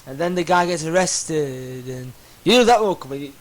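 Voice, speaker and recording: A man's voice: on the high side, animated, moderate pace, a little hiss or hum, rough recording. A man ranting in exasperation over a game, stammering as he goes. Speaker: gamer. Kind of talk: game commentary rant.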